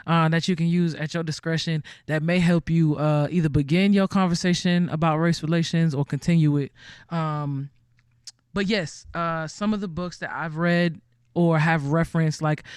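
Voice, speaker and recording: A high-pitched man hosts an online benefit concert, talking casually from home. He rambles and gets animated, with many fillers and restarts. The sound is dry and close, with no room echo. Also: clear, resonant tone. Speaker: host of a virtual benefit concert. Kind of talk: casual hosting chat.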